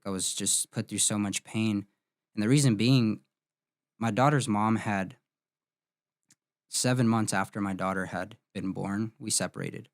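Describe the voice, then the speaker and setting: A man in his thirties, a podcast host, telling a painful personal story in an emotional, halting way with many restarts. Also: fairly low pitch, dry recording, studio quality.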